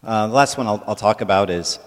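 A man's voice: on the low side, fairly quick, in a large hall. A man giving a conversational church talk to a congregation, often checking in with "right?". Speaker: church speaker.

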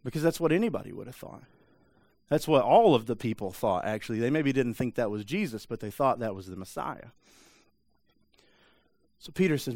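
A male preacher delivering a sermon in a loose, conversational way, full of asides and quick check-ins with the listeners. His voice sits at an ordinary middle pitch. The sound is dry and close. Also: expressive, vocal fry, darkish tone, dry recording. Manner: conversational, frequent "man" and "right?" asides. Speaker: pastor.

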